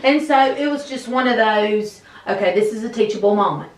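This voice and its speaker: A woman's voice: on the high side, a little fast. A woman teacher answering interview questions in a conversational way, with frequent fillers. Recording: echoey room, mic at a distance.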